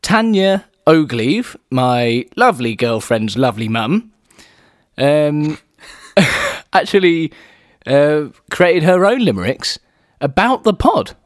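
A man's voice: a little high, takes it slowly, no room sound, clean studio sound. A man co-hosting a podcast in casual chat, laughing often. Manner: chatty, laughs often, lively. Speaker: podcast co-host.

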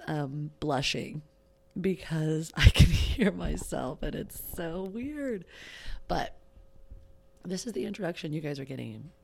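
Female podcast host, thirties, low gravelly voice, bubbly and self-mocking, casual rambling solo chat. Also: a little mellow. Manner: giggly, bubbly, self-mocking, drawling filler-heavy talk. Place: home recording setup in Wisconsin.

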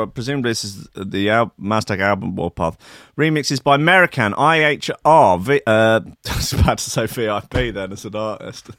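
A man's voice: mid-range voice, fairly bright tone, no echo, clean studio sound. A man on a live stream, chatting casually and reading news aloud in a sweary, jokey, rambling way.

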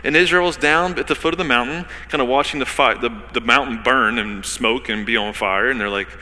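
Bright-voiced pastor in an echoing church. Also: male voice, mid-range voice, a little fast. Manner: conversational, with asides to the congregation; dramatic scripture reading, swinging between loud and hushed. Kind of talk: sermon.

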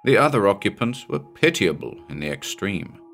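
A man reads a pulp horror tale in a measured, dramatic storytelling manner. His voice sits on the low side. Faint music plays quietly beneath the narration. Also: very animated, vocal fry.

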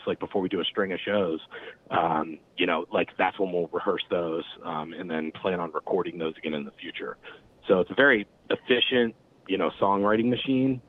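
A man's voice: low voice, slight background noise. A man in a band, talking casually in an interview, rambling with lots of fillers. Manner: rambling, filler-heavy, relaxed storytelling. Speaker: band member guest. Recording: phone-like narrow sound.

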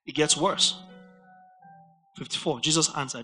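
A man preaching a verse-by-verse Bible study sermon, animated and rising to near-shouts for emphasis. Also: medium pitch, takes it slowly, long pauses, soft background music.

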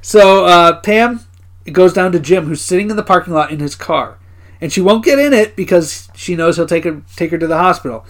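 A man's voice: high-pitched, expressive, brisk. Laughing man recapping a show. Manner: recounts scenes, laughing and swearing often. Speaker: podcast co-host. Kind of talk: casual recap chat.

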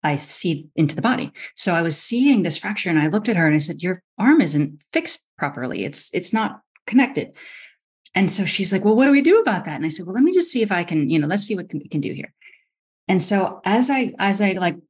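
A middle-aged woman physician, a podcast guest, telling a story with lively energy and acting out the voices she quotes, often restarting her sentences. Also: fairly low pitch, brisk, breathy edge. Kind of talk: animated storytelling in a podcast interview.

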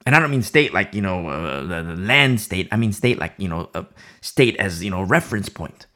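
A man's voice: deep voice, lively intonation, moderate pace, sharp tone. A man preaching a Bible sermon, emphatic and repeating key phrases for emphasis.

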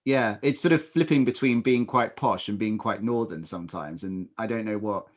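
A man co-hosting a podcast, talking things through in a measured, reasoning way with dry humor. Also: fairly low pitch. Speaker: podcast co-host. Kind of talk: casual chat.

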